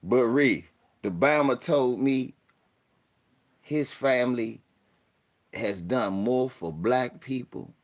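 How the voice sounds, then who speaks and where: A young man hosting a casual livestream, telling stories with animated delivery and mock voices. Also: medium pitch, slow pace, pauses often. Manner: animated storytelling, puts on voices and mock formal talk. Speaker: streamer host.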